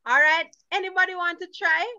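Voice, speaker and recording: A woman's voice: extremely high pitch, steady tone, brisk, bright, forceful tone. A woman hosting an online reading competition, coaxing and upbeat as she calls on people by name. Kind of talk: encouraging moderator on a video call. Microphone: video call. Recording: dull lo-fi online call audio.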